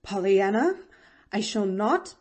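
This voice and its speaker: A woman's voice: mid-range voice, big pitch swings, slow pace, a little mellow. A woman voicing a stern, proud older aunt who sounds indignant and scolding in a storybook reading.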